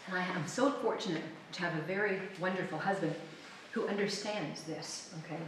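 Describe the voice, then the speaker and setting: A middle-aged woman author telling animated stories to an audience, laughing often and acting out quoted lines. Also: on the low side, brisk, slight background noise. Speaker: author giving a library talk. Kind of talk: storytelling talk to an audience. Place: library event room. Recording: roomy, distant mic with faint ambience.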